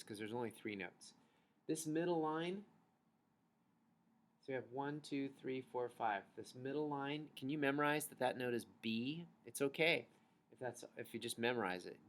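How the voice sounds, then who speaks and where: A man in mid-range pitch leads a recorded music lesson for children. He is patient and encouraging, and he chants rhythm syllables and note names slowly so the class can repeat them. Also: lively intonation. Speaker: music teacher.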